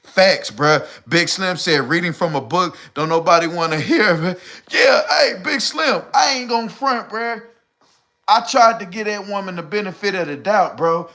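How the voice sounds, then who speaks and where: A man's voice: sits high, animated, normal speed, pushed and bright. A middle-aged man hosting a live stream, chatting casually and reading comments in rambling slang, often short of breath.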